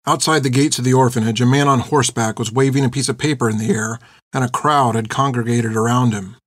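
A man giving measured, expressive scripted narration of a storybook. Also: medium pitch, no room sound, studio quality. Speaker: audiobook narrator.

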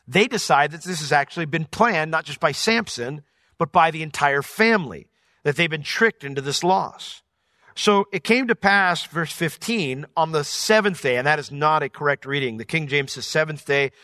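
A man's voice: a little high, bright, forceful tone, dry recording, studio quality. A man teaching through a Bible passage verse by verse, reading each verse aloud, explaining it plainly and now and then correcting himself.

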